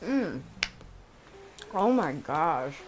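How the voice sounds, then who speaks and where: A soft-spoken woman streamer chatting casually while eating and gaming, murmuring between bites. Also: low-pitched, sing-song, very slow, noisy background.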